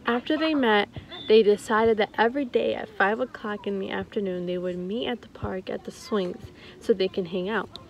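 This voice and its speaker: A young woman improvising a story at home, playful and a little halting. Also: medium pitch, dull audio, slight background noise. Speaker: co-host telling a story.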